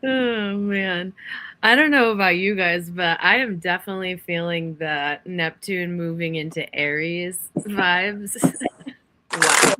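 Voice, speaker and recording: Bright-voiced woman hosting a live stream. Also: fairly low pitch, takes it slowly, poor audio. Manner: upbeat, laughing, reads planet positions aloud. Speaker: host. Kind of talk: casual live-stream chat.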